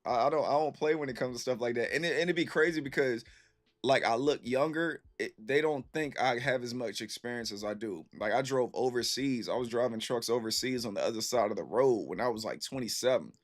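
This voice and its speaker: A man in his thirties chatting casually with stream viewers, telling an animated, slangy story and repeating himself for emphasis. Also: medium pitch, brisk.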